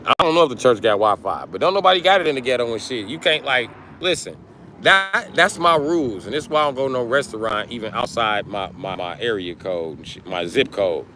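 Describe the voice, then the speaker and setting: A middle-aged man livestreaming, talking casually to his chat and loudly roasting viewers with heavy profanity. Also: medium pitch, expressive, brisk, slight background noise. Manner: profane, loud trash-talking and roasting of chatters.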